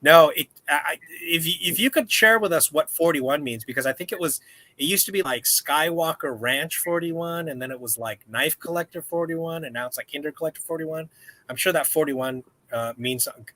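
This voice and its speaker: A man's voice: on the high side, a little fast, sharp tone. A man hosting a casual live-stream chat, rambling and joking with viewers. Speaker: host.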